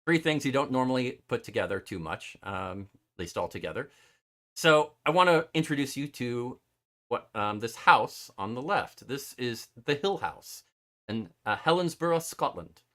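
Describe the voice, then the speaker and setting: A man hosting a casual live-streamed chat show, animated and often laughing and stumbling over his words. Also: medium pitch, moderate pace. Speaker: show host.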